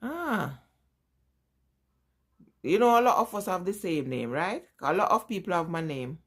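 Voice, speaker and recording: Middle-aged Jamaican woman vlogger, lower voice, loose chatty rambling delivery. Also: big pitch swings, measured pace, slightly rough. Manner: chatty, rambling, answers viewer questions. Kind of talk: casual live chat with viewers.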